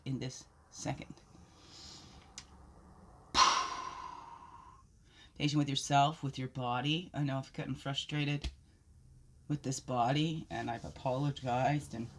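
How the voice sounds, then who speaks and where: A woman's voice: low voice, slight background noise. A middle-aged woman rambling casually and expressively while reading oracle cards, sighing and laughing as she talks. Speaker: oracle card reader. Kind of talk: casual spiritual card reading.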